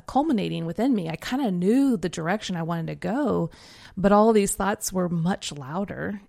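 A woman's voice: mid-range voice, vocal fry, mellow. A woman in her forties, co-hosting a podcast, telling stories in a reflective, chatty way with many fillers. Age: 40s. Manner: reflective storytelling with frequent fillers and laughs. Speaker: podcast co-host and Enneagram coach. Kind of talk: casual podcast conversation.

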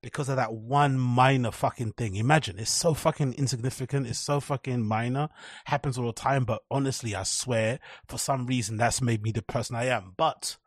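Rambling, profane podcast host. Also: male voice, medium pitch, fairly quick, dry recording, clean studio sound. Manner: rambling, profane storytelling with animated quoted voices. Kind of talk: casual solo monologue.

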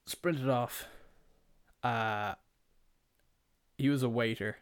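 A man's voice: medium pitch, drawn-out words, smooth, dry recording. Man telling a rambling story in a dry room. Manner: swearing, rambling, quoting family members. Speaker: podcast host. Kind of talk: casual storytelling monologue.

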